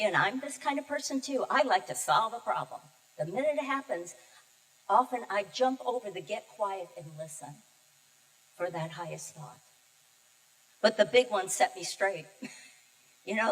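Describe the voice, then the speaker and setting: Older lady preaching, gets teary, pausey storytelling, big echoey church, mic kinda far. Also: medium pitch, expressive, fairly bright tone. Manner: emotional, personal storytelling with pauses. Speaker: guest minister. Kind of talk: sermon. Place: church sanctuary. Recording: distant mic in a reverberant sanctuary.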